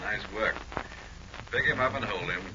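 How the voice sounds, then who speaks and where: An actor playing a blunt, businesslike police captain calling in a 1940s radio drama. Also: male voice, on the low side, normal speed, close to an everyday voice. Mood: stern. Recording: muffled hissy old radio recording.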